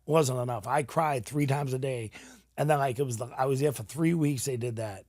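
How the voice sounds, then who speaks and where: Fast-talking man, dry mic. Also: medium pitch, no echo. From New England. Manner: animated, swears freely, acts out quotes. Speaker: guest telling his story. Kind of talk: casual storytelling interview.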